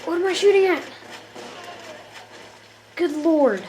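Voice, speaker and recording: A woman's voice: extremely high pitch, lively intonation, measured pace, long pauses, darkish tone, low-quality recording. A woman giving playful, trash-talking commentary over a shooter game, sounding tired. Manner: playful trash talk at enemies. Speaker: gameplay commentator. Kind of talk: gameplay commentary.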